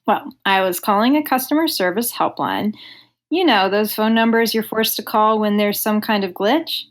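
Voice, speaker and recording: A woman from the United States chatting as a comedian guest on a podcast. Her voice sits at a middle pitch. She delivers her jokes dryly, with a plain setup and punchline. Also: normal speed. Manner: dry, setup-and-punchline joke telling. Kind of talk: casual podcast chat.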